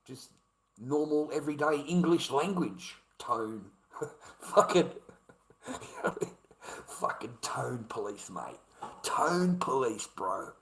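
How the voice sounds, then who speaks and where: Older Aussie bloke, aggrieved swearing rant, bright tense voice, roomy echo. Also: male voice, medium pitch, expressive, unhurried. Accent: Australian. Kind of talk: ranting vlog monologue.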